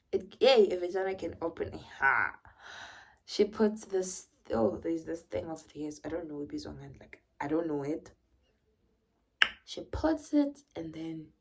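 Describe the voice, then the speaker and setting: Husky South African woman telling a story. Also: lowish voice. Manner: animated, often drops to a whisper. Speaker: vlogger. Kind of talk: personal storytelling.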